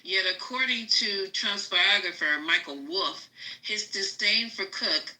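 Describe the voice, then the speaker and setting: Bright-voiced woman reading news aloud. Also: lowish voice, low-quality recording. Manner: halting, with many fillers and restarts. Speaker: podcast host. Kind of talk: reading a news article aloud on a live show.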